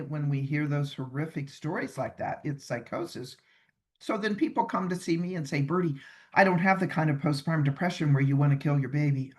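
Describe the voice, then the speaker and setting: Male presenter on a video call from a hotel room, slightly high voice, conversational and emphatic teaching. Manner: chatty, emphatic, acts out quoted mothers. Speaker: webinar presenter. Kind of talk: online training lecture.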